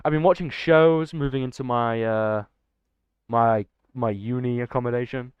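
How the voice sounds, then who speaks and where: A young man chatting excitably and rambling to his livestream chat. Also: medium pitch, moderate pace, smooth, dry recording. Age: young adult. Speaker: streamer. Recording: dull lo-fi dry mic.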